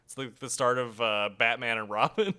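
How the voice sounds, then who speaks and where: A man co-hosting a casual movie review podcast, animated and laughing often as he talks. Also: mid-range voice, normal speed, smooth. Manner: animated, laughs often, bursts into shouted impressions of movie lines. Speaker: podcast co-host.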